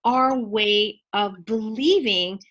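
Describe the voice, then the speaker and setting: Playful and animated, a woman in her forties explains ideas as an interview guest, laughing frequently throughout the conversation. Her pitch is medium and her pace slow.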